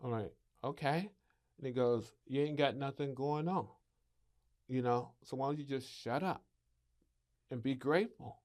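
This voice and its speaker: A middle-aged man, a podcast guest, telling his story in a lively way, acting out what others said to him. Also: mid-range voice, normal speed, long pauses. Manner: animated, acts out quoted voices, laughs often. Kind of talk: storytelling interview.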